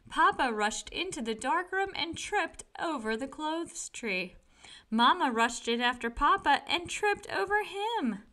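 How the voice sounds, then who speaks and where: A woman reading a children's picture book aloud with gentle, expressive storytelling. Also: on the high side.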